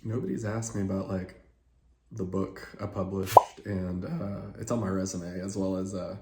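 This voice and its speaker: A man's voice: low voice, steady tone, moderate pace, very noisy. A man who is losing his voice, joking and hyping himself up in a casual vlog before a job interview. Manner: upbeat, joking, hypes himself up. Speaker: job candidate and channel host. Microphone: podcast microphone. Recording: roomy sound with music behind.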